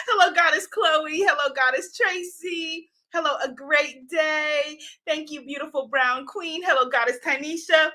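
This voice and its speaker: A woman with a high, bright voice hosts a live stream, effusive and quick to laugh. She greets viewers by name and keeps an unhurried pace. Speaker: live-stream host and oracle card author. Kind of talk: casual live-stream chat.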